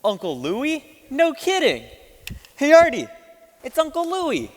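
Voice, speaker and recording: Student actor doing a jumpy scheming teen boy, lively up-and-down voice, echoey auditorium. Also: extremely high pitch, measured pace, full character voice. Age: teens. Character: jumpy, excitable teenage boy. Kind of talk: school stage play acting. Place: school auditorium stage. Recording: echoey hall from a room mic.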